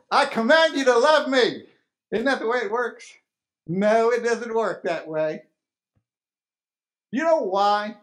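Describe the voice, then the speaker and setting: A man preaching a sermon as pastor, emphatic, asking rhetorical questions and repeating key phrases. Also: high voice.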